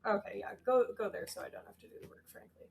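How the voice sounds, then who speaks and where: A woman's voice: medium pitch, very animated, fast talker, gravelly, a little hiss or hum. A woman co-hosting a casual live-streamed science chat, who swears, jokes and tosses in a put-on 'mate'. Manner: swearing, jokey, slips into a put-on Aussie 'mate'. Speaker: co-host.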